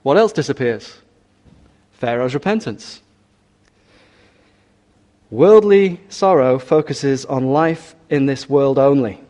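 A man preaching a sermon in an earnest, measured way, often asking his listeners rhetorical questions. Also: medium pitch, darkish tone.

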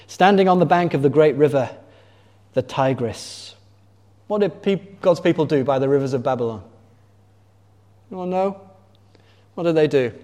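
A man's voice: on the high side, animated, moderate pace, long pauses, dark tone. A man preaching a sermon in a conversational way, asking the congregation questions. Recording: long reverb of a large hall.

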